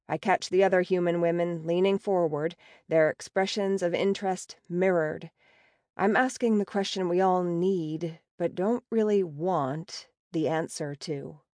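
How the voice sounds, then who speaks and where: Woman, audiobook narrator, first person, wry, sarcastic, lowish voice, dry recording. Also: a little mellow, no echo.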